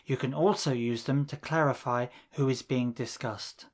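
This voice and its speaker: A man narrating a scripted language lesson, reading drill phrases in a measured way with pauses between them. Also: mid-range voice. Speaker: language teacher.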